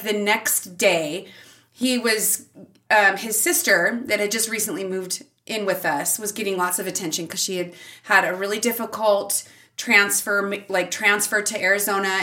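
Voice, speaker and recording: A middle-aged woman, a mother and teacher, telling a family story as a podcast guest, animated and laughing often, with big leaps in pitch when she quotes herself. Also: recorded from a distance. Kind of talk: casual storytelling in an interview.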